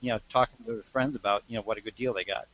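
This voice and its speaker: A man's voice: fairly low pitch, steady tone, rapid-fire, fairly bright tone, no room sound. A man taking part in a casual Bible study on a video call, explaining his points and thinking aloud with many filler phrases. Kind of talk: casual discussion. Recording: muffled video call audio.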